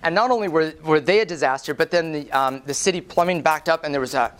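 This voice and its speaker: A man giving a lively storytelling presentation at a conference, animated and profane, often tagging lines with "right?". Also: a little high, quick pace, smooth. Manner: acts out quoted voices. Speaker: conference speaker.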